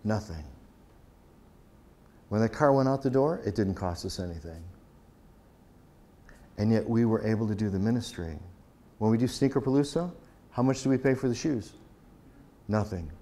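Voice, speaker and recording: Pastor, male, lowish voice, storytelling talk style, acts out dialogue. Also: expressive, moderate pace, long pauses, warm tone. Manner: storytelling, acts out quoted exchanges, conversational. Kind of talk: conference talk.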